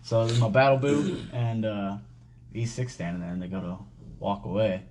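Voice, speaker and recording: A man hosting a podcast, telling a personal story in casual talk, halting and full of swearing and fillers. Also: on the low side, darkish tone, a little hiss or hum. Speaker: podcast host.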